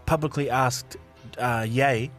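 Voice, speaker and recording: A man co-hosting a casual podcast, chatty and quick to laugh, with filler words. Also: medium pitch, steady tone, a bit bright, faint music behind. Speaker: podcast co-host.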